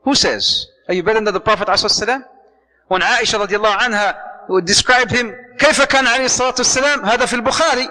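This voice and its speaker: Animated male lecturer in an echoing hall. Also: sits high, racing. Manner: animated, acts out dialogue, mixes Arabic phrases, joking. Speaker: Islamic speaker. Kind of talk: lively marriage lecture to a live audience.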